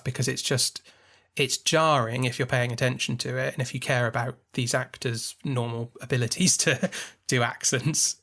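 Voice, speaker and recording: Male podcast co-host, mid-pitched, chatty and enthusiastic, long explanations. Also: a bit bright. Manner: talkative, enthusiastic, explaining at length. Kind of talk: casual film discussion.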